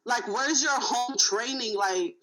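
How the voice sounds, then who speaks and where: A woman's voice: a little high, slow pace, rough recording. A woman rideshare driver in a casual roundtable, telling stories with swearing and acting out the dialogue. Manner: profane, animated, acts out dialogue.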